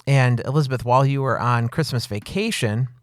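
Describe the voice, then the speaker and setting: A male podcast host introducing segments in a brisk way. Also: medium pitch, dry recording, clean studio sound. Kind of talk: podcast hosting.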